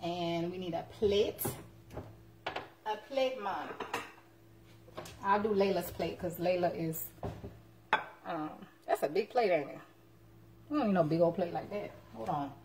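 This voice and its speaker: In a very noisy recording from her home kitchen, a medium-pitched woman cooks on a live stream, chatting playfully with her viewers and teasing them as dishes and cutlery clatter.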